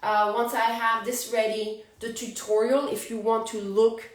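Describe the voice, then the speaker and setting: A woman's voice: on the high side, flat delivery, a little slow. A woman in her forties with a French accent, hosting a casual spiritual astrology talk for her viewers. She is chatty and laughs often between thoughts. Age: 40s. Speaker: astrology channel host. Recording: roomy, from a distance to the mic.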